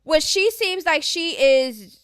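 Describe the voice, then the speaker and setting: A woman's voice: high voice, animated, slow pace, a bit bright, dry recording, studio quality. A woman hosting casual gossip commentary, chatty and slangy, often trailing off with hesitant asides.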